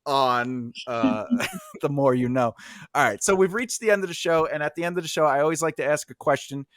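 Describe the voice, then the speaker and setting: A man's voice: on the high side, brisk, no room sound. Chatty podcast host man, dry sound. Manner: animated storyteller, many fillers and restarts, jokey. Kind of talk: casual podcast conversation.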